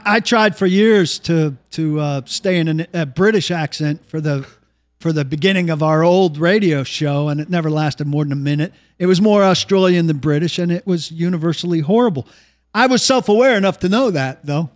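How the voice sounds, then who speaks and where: Man, sports talk host, breezy and joking, high voice. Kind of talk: sports radio hosting.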